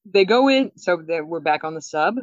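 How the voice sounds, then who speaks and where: A woman's voice: fairly low pitch, normal speed, no room sound. Laughing woman recapping an episode. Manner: animated, laughs often, acts out lines. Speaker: podcast co-host. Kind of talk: casual episode recap chat. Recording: dull, dry sound.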